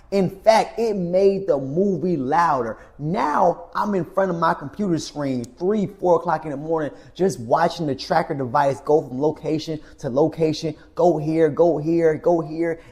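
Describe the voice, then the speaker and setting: A man giving a slow, emphatic motivational talk to camera, preacher-like, often repeating "my friend" and dropping to a hush at phrase ends. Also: a little high. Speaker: men's coach and channel host.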